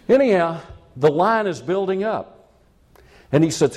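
A man's voice: on the high side, sing-song, moderate pace, long pauses, a little mellow. A man preaching a sermon, telling a personal story in a chatty, self-mocking way and chuckling at his own jokes.

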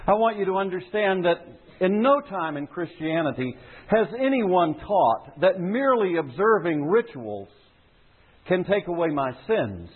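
Husky-voiced preacher on a thin line. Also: male voice, sits high, very animated, a little slow. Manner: earnest, emphatic. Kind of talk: sermon. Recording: tinny phone-like sound.

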